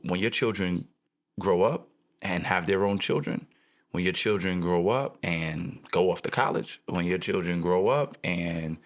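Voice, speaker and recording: Young man, podcast co-host; low-pitched, animated and jokey, leans into preacher-style emphasis. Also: measured pace. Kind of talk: casual chat.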